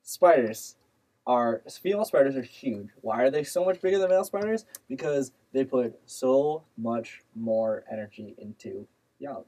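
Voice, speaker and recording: This is a man talking in an easygoing group chat, walking his friends through facts with a teasing, playful edge. His pitch sits at an ordinary middle level. He sounds relaxed and conversational, like a host who enjoys the topic. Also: normal speed, poor audio. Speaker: podcast host explaining spider facts. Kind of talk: casual chat.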